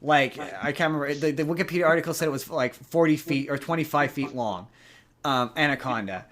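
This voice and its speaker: Male podcast co-host, slightly higher voice, halting, rambling delivery. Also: a bit bright. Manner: rambling, halting with many restarts. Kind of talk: casual chat.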